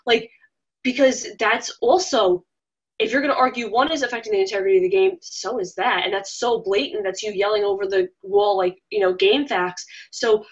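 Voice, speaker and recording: A woman guest on an interview, talking in a rambling, animated way and acting out quoted voices. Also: on the high side, lo-fi sound. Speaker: interview guest, former reality show contestant. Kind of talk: casual interview talk.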